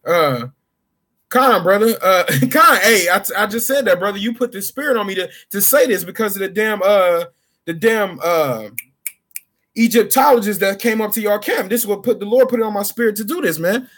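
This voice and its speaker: A man's voice: high voice, expressive, normal speed, fairly bright tone. A man reading scripture aloud and paraphrasing it in casual, slangy street talk as a bible teacher. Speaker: street preacher.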